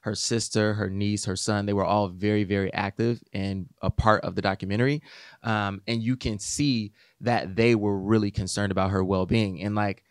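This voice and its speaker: A man co-hosting a podcast, giving earnest, measured opinions in casual talk. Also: lowish voice, fairly even intonation, smooth, no room sound, clean studio sound. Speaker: podcast co-host. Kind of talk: casual commentary.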